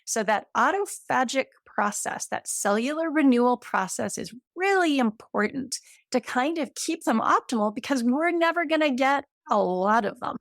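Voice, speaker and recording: A woman in her late fifties with a fairly high voice, talking as an interview guest. She explains the science with enthusiasm and everyday comparisons. The sound is dry and close, with no room echo. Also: lively intonation, moderate pace. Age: 50s.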